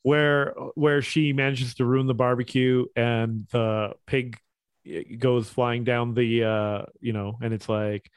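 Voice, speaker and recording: A man's voice: mid-range voice, takes it slowly, clean tone, no echo. Man, co-host, rambling casual chat, quotes scenes, dry close sound. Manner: rambling, animated, quoting scenes. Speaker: podcast co-host.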